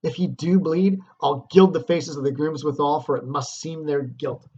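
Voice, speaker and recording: A man's voice: mid-range voice, normal speed, breathy edge, muffled recording, natural voice. A man reading aloud as a scheming, scornful noblewoman, raising his voice to scold. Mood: scornful commanding. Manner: raised, scolding, theatrical.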